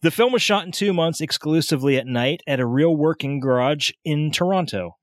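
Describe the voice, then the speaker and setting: A man's voice: fairly high pitch, fairly quick, no room sound, clean studio sound. An American man co-hosting a casual podcast, reading film facts aloud with easygoing fillers. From United States. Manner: laid-back, reads notes aloud with fillers. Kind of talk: casual chat.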